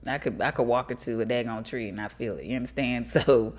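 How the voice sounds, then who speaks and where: A middle-aged woman from the United States hosting a podcast, giving casual advice straight to her listeners, lively and quick to laugh. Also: very deep voice. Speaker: podcast host.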